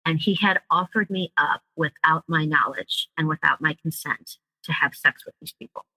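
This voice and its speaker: Low-pitched and sharp, a woman talks at normal speed in poor audio without echo. Giving a personal account in an interview, she narrates with emotion and vividness, performing the remarks of the people in her story.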